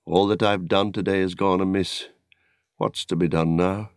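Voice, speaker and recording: A man's voice: deep voice, fairly even intonation, moderate pace, no room sound, clean studio sound. A man reading as a grave, weary warrior leader. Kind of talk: audiobook character reading.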